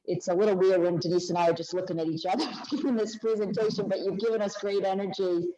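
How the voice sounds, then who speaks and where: A woman's voice: mid-range voice, steady tone, fast talker, mellow, lo-fi sound. An older woman co-presenting an online workshop, speaking reflectively in a conversational way over a video call. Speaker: webinar co-presenter. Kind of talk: casual talk to an online audience.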